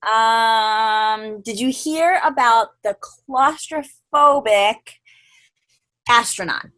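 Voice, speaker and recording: A woman in a casual comedy podcast chat, delivering a pun deadpan. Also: on the high side, extremely slow, no echo. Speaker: podcast guest.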